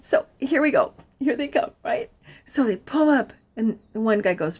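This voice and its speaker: Middle-aged woman vlogging a wild story, high voice, jumps all over the place, laughing as she goes. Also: a little fast, slightly rough. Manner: excitable, laughing through her words, quoting others. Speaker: vlogger telling a personal story. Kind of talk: animated storytelling.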